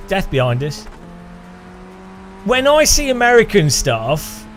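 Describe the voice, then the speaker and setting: A man's voice: sits high, a bit bright. A man chatting casually on a gaming stream, laughing and grumbling at the game. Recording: light music behind.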